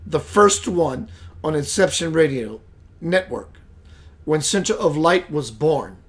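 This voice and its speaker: A man with a fairly high voice tells a personal story on his radio show. He speaks slowly and deliberately, with dramatic pauses. His voice swings from loud to hushed. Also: animated, breathy edge. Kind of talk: storytelling monologue.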